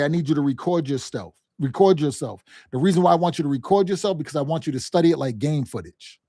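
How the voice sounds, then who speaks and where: A male sales coach with a warm, fairly high voice gives a motivational sales lesson in loose, casual vernacular. He hammers his points emphatically, repeats himself, and addresses listeners directly with frequent "right?" and "okay?", acting out quoted phone calls and family scenes in livelier voices. The recording is dry and close, with no room echo.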